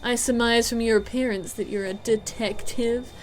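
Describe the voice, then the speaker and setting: A woman voicing a gruff, pompous male ghost police chief who talks down to people. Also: a little high, fairly even intonation, moderate pace, slight background noise, lightly acted. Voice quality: blustering, condescending, calls people son.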